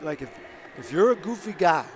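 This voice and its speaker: A man's voice: a little high, big pitch swings, normal speed, noisy background. A man chatting casually and playfully, hyping up the other speaker. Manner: playful, enthusiastic, hypes others up. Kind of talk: casual chat.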